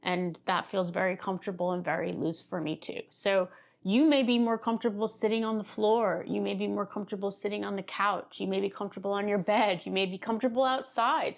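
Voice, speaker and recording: Gravelly-voiced woman coaching on camera. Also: medium pitch. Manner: conversational, laughs easily, gestures while talking. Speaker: on-camera coach for video creators. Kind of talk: casual instructional talk to camera. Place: seated indoors, filming herself.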